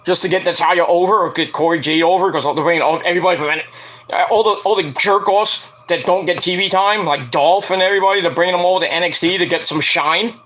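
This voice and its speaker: A man casually recapping a wrestling show, animated, profane and sarcastic. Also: high-pitched, quick pace. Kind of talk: casual rant-style recap.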